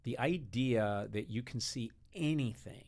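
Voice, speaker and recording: A man's voice: mid-range voice, measured pace, darkish tone. A man in his sixties, a podcast guest, chatting casually and telling anecdotes, sometimes acting out other people's lines. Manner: storytelling, acts out voices of family and others. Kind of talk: casual interview chat.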